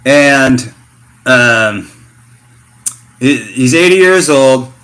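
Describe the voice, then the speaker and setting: A man's voice: medium pitch, drawn-out words. A middle-aged man from the United States, telling a story in a loose, slangy way for his vlog. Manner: slangy, animated storytelling with fillers. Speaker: vlogger. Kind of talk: casual rambling vlog talk.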